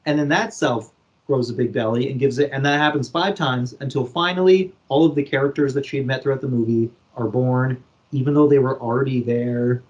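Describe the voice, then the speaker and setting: A man co-hosting a podcast, casually retelling a film plot with lively acted-out quotes. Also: mid-range voice, a little fast, dull audio. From Canada. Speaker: podcast co-host. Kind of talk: casual chat.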